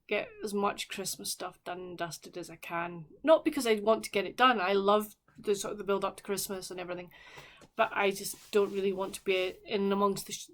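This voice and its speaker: A woman's voice: medium pitch, a bit bright. A woman chatting casually as a book vlogger, rambling with friendly asides to her viewers. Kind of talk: casual vlog chat.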